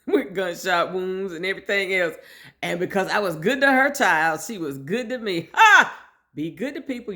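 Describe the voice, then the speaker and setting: A middle-aged woman telling a personal story in a casual, lively way, acting out the voices of the people she quotes. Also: fairly low pitch. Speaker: vlogger sharing her story.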